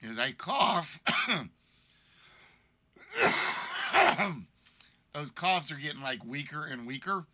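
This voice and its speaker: A man's voice: on the high side, lively intonation, normal speed, few pauses, bright, forceful tone. A man hosting a game show livestream, chatting casually and rambling about being sick, his voice congested and worn by a cold. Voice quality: weakened, congested voice. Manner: rambling, apologetic storytelling.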